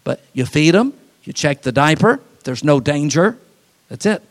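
A man's voice: a little high, big pitch swings. Folksy preaching pastor, a man. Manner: folksy preaching, quick asides and acted-out voices. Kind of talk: sermon.

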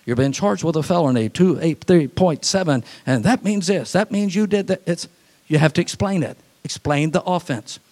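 A man preaching a sermon, telling folksy, humorous stories and laughing at them, swinging from animated to quiet and soft for emphasis. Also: a little high, normal speed. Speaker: pastor.

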